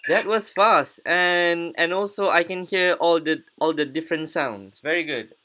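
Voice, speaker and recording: A woman teaching English pronunciation in an online class, patient and encouraging, repeating words slowly. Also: fairly low pitch, sharp tone.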